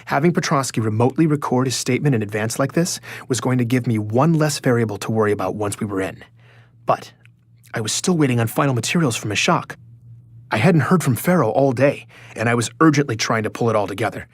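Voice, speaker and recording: A husky, anxious journalist. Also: male voice, medium pitch, lively intonation, fast talker, dry recording. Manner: nervous, stammering in dialogue. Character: anxious male journalist narrating his story. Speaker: journalist narrator. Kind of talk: first-person audio drama narration.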